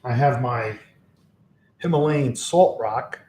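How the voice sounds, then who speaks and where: A man's voice: medium pitch, takes it slowly, a little mellow. Rambling New man livestreaming. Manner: rambling, chuckles often. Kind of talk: casual livestream chat. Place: home room lit by a lamp. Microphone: XLR microphone on a box.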